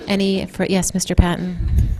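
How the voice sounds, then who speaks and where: Board chair, a woman with a warm, mellow voice, faint hiss behind her. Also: fairly low pitch, monotone, moderate pace. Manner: brief, procedural. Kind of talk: chairing a meeting.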